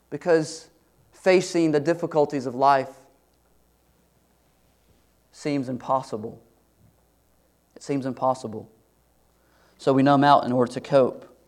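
Male pastor, sermon delivery, earnest and emphatic, a touch high-pitched. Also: a little mellow. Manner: earnest, rising to emphatic questions.

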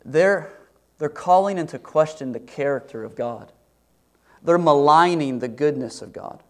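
Male pastor, sermon delivery, earnest and emphatic, a touch high-pitched. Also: expressive, a little slow. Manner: earnest, rising to emphatic questions.

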